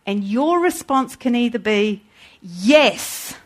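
A woman preaching a sermon in an animated way, acting out voices when she quotes. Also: fairly high pitch, a little slow.

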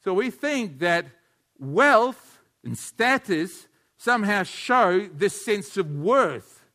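Male pastor, high bright voice, lively sermon delivery that gets the congregation repeating lines after him. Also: takes it slowly. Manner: animated, leads the congregation in call-and-response.

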